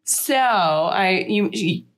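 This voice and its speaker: A woman co-hosting a podcast, upbeat as she reads announcements and listener mail, her voice husky with a slight sore throat. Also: mid-range voice, lively intonation, drawn-out words. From Chicago area. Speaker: podcast co-host. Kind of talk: casual podcast chat.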